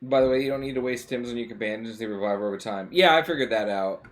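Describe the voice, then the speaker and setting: A man's voice: mid-range voice, quick pace. A man streaming a game, chatting casually and rambling, with lots of swearing, fillers and restarts. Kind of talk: casual chat while gaming.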